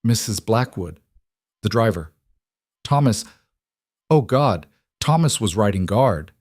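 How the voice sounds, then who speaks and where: A man narrating a story, voicing a frightened, well-bred young woman stranded in a mountain cabin in a breathy, pleading voice. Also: on the low side, lively intonation, slow pace, darkish tone, no echo, studio quality. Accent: Eastern US, put on. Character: frightened young upper-class city woman.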